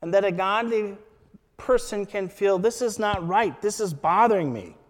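A man preaching a sermon, slow and measured, reading scripture quotes with emphasis. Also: high-pitched, expressive, in a large hall.

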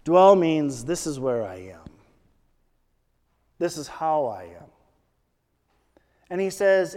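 A man preaching a sermon, slow and measured, reading scripture quotes with emphasis. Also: on the high side, sing-song, a little mellow, in a large hall.

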